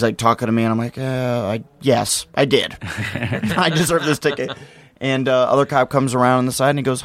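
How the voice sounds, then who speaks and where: A man in his thirties, a comedian guest on a podcast, telling stories in casual chat and acting out the people in them. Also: mid-range voice.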